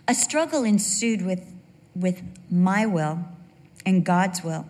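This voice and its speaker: An older woman preaching a sermon and telling a personal story in an animated way, acting out the voices of the people in it. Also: medium pitch, takes it slowly. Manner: animated storyteller who acts out quoted voices. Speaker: speaker at a church gathering. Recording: reverberant hall.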